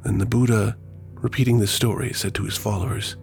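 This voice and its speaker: A man's voice: fairly low pitch, steady tone, a little fast, creaky, darkish tone, faint music behind. A man hosting a podcast, reading a scripted introduction and a folktale with a dry, playful delivery. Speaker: podcast host. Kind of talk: scripted narration.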